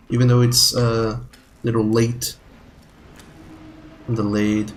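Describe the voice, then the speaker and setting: A man streaming a video game live, swearing at the game and chatting with viewers in an excitable way. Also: medium pitch, slow pace, long pauses, slight background noise. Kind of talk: live gameplay commentary.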